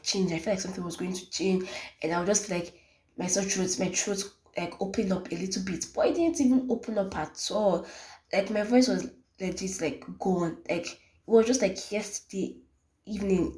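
A woman's voice: lowish voice, darkish tone. A young Nigerian woman with a Nigerian accent, hosting a solo podcast in a casual, rambling way, full of "like" fillers and repeats. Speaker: podcast host.

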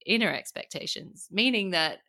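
A woman's voice: on the low side, lively intonation, moderate pace, bright, forceful tone. A woman with an Australian accent, a coach, explaining ideas in casual podcast chat and laughing often as she talks.

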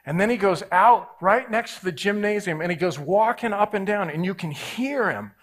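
A pastor in his forties tells a story from the pulpit, his voice a touch higher than most men's. He drops to near-murmurs and then surges into loud, excited bursts, acting out the people in his tale. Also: moderate pace. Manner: animated, jumps between hushed and loud, acts out voices. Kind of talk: storytelling sermon.

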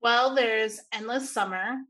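Bright, lively American woman. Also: on the high side, a little slow. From United States. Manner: lively and teasing, laughs easily. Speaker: guest co-host. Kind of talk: casual podcast chat.

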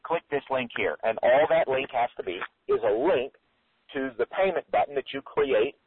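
A man giving an energetic, emphatic marketing coaching lecture that swings his pitch up and down for effect. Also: moderate pace, husky, dry recording. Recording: phone-line audio.

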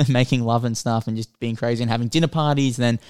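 A man co-hosts a casual podcast, walking through a film's plot in an animated, rambling way. His voice is smooth and clear, recorded close and dry with no room sound. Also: mid-range voice, fairly quick, no echo. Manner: rambling, animated storytelling with filler words. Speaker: podcast co-host. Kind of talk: casual film chat.

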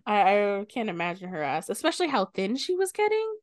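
A woman's voice: medium pitch, fast talker, no echo, studio quality. Swearing woman retelling a plot. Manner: animated retelling, swears often. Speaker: podcast co-host. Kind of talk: casual book discussion.

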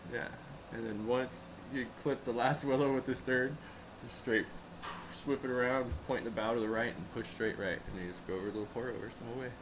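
Animated young man telling a river tale. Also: mid-range voice, brisk. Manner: animated, acts out quoted people with raised voice. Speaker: river rafting guide. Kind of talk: casual storytelling chat. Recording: noisy background hum.

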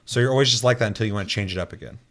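A man in casual chat, loose and profane, rambling with lots of fillers and quick mimicked asides. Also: lowish voice, fairly bright tone.

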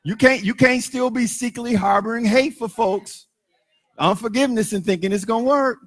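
Delivering a sermon at a moderate pace, this middle-aged pastor has a high, ringing, bright voice. He moves from quiet asides up into singing and shouting.

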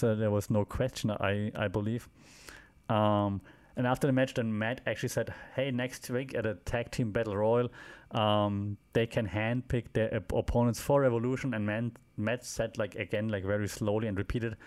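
A man's voice: on the low side, darkish tone. A man hosting a solo podcast, recapping the week's events in a loose, rambling way with frequent fillers and dry asides. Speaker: podcast host. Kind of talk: casual solo wrestling recap.

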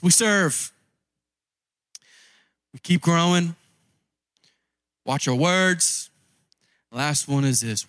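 A man's voice: mid-range voice, no room sound. A man preaching a conversational sermon as a pastor, pressing his points by repeating key phrases.

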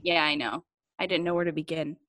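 A woman's voice: sits low, brisk, a bit bright. Giggly young woman, candid and rambling. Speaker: guest. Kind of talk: casual conversation.

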